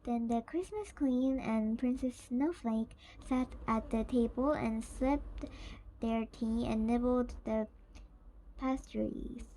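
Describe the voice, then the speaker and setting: A woman reading a children's picture book aloud in a slow, careful, gentle way. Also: fairly high pitch, a little hiss or hum, poor audio. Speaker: storyteller.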